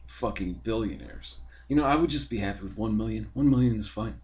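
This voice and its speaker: Rambling, cursing young man, low voice. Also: fairly quick, a little mellow. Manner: rambling, profane, with filler words. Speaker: podcast host. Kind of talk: casual rambling monologue.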